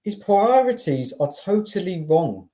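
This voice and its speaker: Mellow-voiced exasperated football pundit. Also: medium pitch, very animated, measured pace. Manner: exasperated, stammering, emphatic. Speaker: guest pundit on football stream. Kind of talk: casual football chat.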